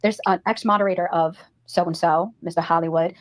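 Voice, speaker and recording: A woman's voice: on the low side, steady tone, a little fast. A woman content creator ranting on a livestream, swearing heavily. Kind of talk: livestream rant.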